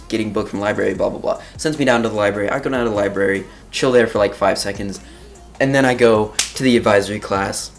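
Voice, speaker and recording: Teen boy, story-time vlogger, rapid and animated delivery, playful exaggeration. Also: mid-range voice. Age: teens. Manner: excitable, exaggerating, laughing often. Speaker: student telling a story.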